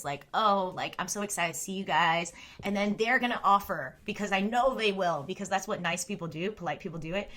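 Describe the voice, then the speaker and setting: Bright-voiced woman, candid casual chat. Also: mid-range voice. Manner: candid, laughs often, filler-heavy. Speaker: streamer and storyteller. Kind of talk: casual unfiltered storytelling chat.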